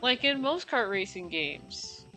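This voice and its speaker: A young woman streams a racing game over game music, chatting casually and rambling with lots of fillers, often apologizing and laughing. Her voice is a little high and sing-song, bright and forceful, and she takes her time. The recording is rough.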